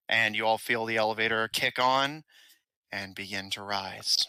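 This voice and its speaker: A man narrating a tabletop game as game master, in measured descriptive narration with small restarts. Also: on the low side, steady tone, bright, forceful tone, clear, resonant tone, dry recording, poor audio.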